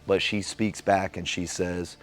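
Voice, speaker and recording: A man giving a casual motivational talk on relationships, acting out little dialogues and softening his tone for the caring lines. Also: low-pitched, unhurried. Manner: animated storyteller acting out quoted dialogue.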